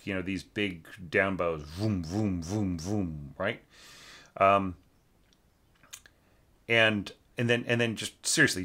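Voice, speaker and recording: A man's voice: fairly low pitch, bright, forceful tone. A man teaching orchestration, giving a rambling, casual critique of a student's score, full of fillers and sung-out rhythms.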